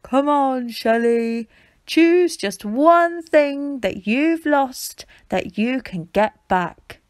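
A woman voicing a wise, calm male lion who explains in a soothing, measured way. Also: high-pitched, heavily acted.

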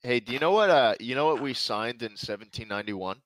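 A man's voice: mid-range voice, expressive, quick pace, fairly bright tone, no echo. An American man in casual gaming chat, teasing and sardonic, with a mock-patriotic streak. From United States.

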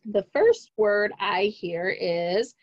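Patient, encouraging woman teacher, unhurried phonics lesson, dry room. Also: mid-range voice, animated, no echo, highs cut off. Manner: slow, clear, encouraging teacher talk to kids. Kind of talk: remote phonics lesson for young children.

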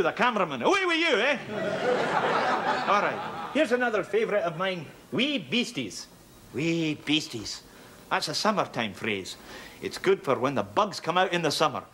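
An actor playing a cranky, grumbling TV teacher with a Scottish accent, lecturing in a blustery, scolding manner for a comedy sketch. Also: male voice, high-pitched, background noise. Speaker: TV language teacher.

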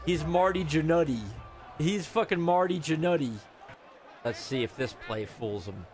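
A man giving loud, swearing commentary while playing a football video game, reacting to every play. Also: a little high, normal speed, soft background music. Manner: excitable, yells and swears at the game. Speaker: gamer streamer. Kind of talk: live gameplay commentary.

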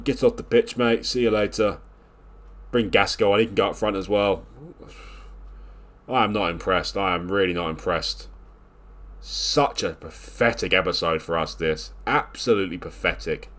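A man commentating live on his own video game play, scolding and exasperated, lurching from loud outbursts to low grumbling mutters.

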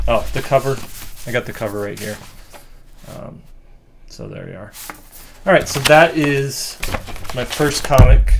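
A man who is a comic artist, casually walking through comic pages in a relaxed, rambling, self-critical way with frequent ums. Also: mid-range voice, noisy background. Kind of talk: casual page-by-page walkthrough.

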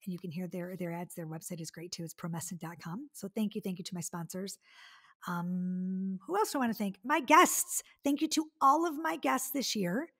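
A woman's voice: mid-range voice, moderate pace, fairly bright tone, breathy edge. A woman in her forties from the Detroit area hosting her own podcast, chatty and effusive, with lots of fillers. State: tearful. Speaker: podcast host. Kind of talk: casual solo podcast monologue.

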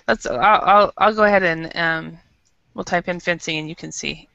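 A woman teaching an English class over a video call, explaining patiently and slowly with many fillers. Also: on the low side, creaky, pushed and bright, no echo. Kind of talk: online English lesson. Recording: dull lo-fi video call audio.

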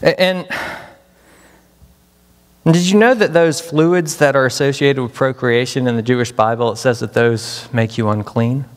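Male pastor from Memphis, dramatic preacher of questions, average pitch, heard in a reverberant hall. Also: moderate pace. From Memphis, Tennessee. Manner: dramatic, with many rhetorical questions. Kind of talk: chapel sermon. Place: large chapel hall.

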